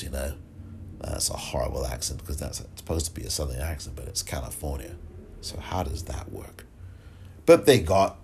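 A man hosting a podcast, delivering a sarcastic, animated political commentary monologue and repeating phrases for effect. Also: extremely low pitch, fairly quick, creaky, a little hiss or hum. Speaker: podcast host. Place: lives in California.

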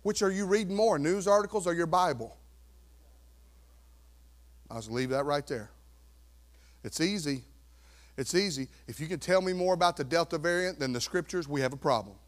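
A pastor preaching a sermon, swinging from quiet asides to loud exhortation and acting out worried churchgoers. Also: male voice, fairly high pitch, animated, fairly quick. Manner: acts out worried churchgoers in quoted voices.

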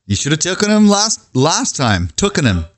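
A man's voice: fairly high pitch, wildly swooping pitch, moderate pace. A man co-hosting a casual podcast chat during a fantasy draft, blunt and profane and insistent in argument. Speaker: podcast co-host.

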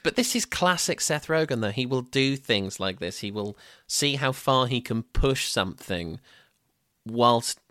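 A man's voice: mid-range voice, animated, measured pace, pushed and bright, no echo, clean studio sound. A young man co-hosting a film review podcast, chatting casually with frequent stumbles and laughs. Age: young adult. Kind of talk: casual chat.

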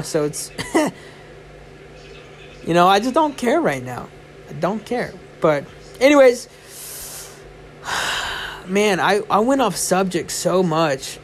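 Tired, chatty young man with a high voice. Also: slight background noise. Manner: rambling and chatty, many fillers. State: tired, yawning. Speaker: podcast host. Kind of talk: casual solo podcast chat. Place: indoors, lying in bed.

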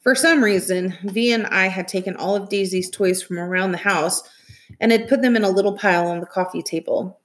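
A woman, a teacher, reading a children's novel aloud in a steady, plain narrating voice. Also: medium pitch, a little fast.

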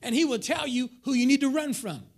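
A man preaching a sermon as pastor, swinging between loud emphatic lines and hushed whispers while acting out members of the congregation. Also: extremely high pitch, brisk.

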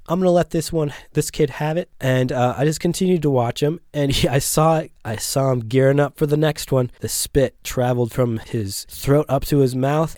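A man's voice: fairly high pitch, darkish tone, dry recording, studio quality. A young adult man hosting his own show, ranting sarcastically, swearing a lot and rambling off topic. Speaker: host of a one-man rant show. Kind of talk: profane ranting monologue.

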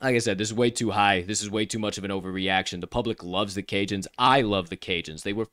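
A man hosting a casual sports betting show, hyping his picks, swearing freely, and swinging loud and soft. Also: steady tone, fast, smooth, dry recording, clean studio sound. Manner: hype-filled, swearing, big swings in pitch and volume.

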